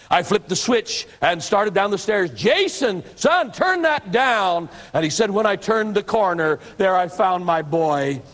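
A man preaches, telling a dramatic story and slipping into the voices of its characters. His voice sits a bit high for a man. A long reverb trails each phrase, as in a large hall. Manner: dramatic storyteller who acts out quoted voices. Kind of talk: sermon storytelling.

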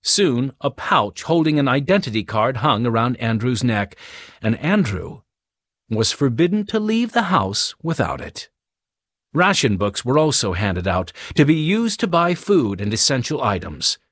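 A man narrating an audiobook in a clear, expressive storytelling manner. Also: mid-range voice, unhurried, dry recording, clean studio sound.

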